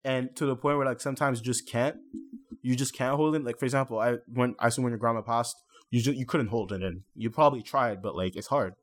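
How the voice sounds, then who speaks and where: A man's voice: medium pitch, fast. A young man co-hosting a casual podcast, venting at length in an earnest way and slipping into French now and then. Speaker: podcast co-host.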